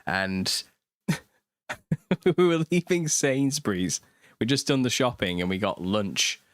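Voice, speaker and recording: A man's voice: fairly low pitch, very animated, slow. A British man in his thirties hosting a casual livestream, chatting and reading viewer comments, laughing often mid-sentence. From United Kingdom. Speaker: host.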